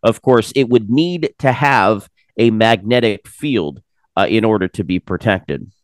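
A man being interviewed, explaining at length in a measured way with frequent filler pauses and a dry sense of humor. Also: on the low side, animated, dry recording. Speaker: interview guest, researcher of unexplained phenomena. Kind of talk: casual interview chat.

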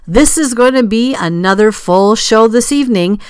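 A woman hosting and producing a podcast, introducing her guest with bright, upbeat welcomes and drawn-out name announcements. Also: fairly high pitch, lively intonation, smooth, no echo, clean studio sound.

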